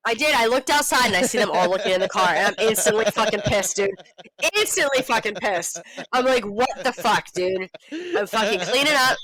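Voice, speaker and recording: A woman's voice: a little high, brisk, a crowd in the background, rough recording. A woman in her thirties co-hosting a casual podcast, ranting and telling stories with lots of swearing. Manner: profane, ranting, animated storytelling. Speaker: podcast co-host. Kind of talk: casual chat.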